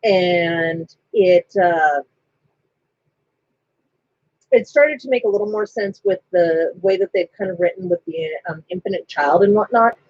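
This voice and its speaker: A woman co-hosting a casual fan chat, an animated storyteller who acts out the lines she quotes. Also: lowish voice, moderate pace, hardly any pauses, no room sound. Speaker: podcast co-host. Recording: dry, slightly muffled lo-fi audio.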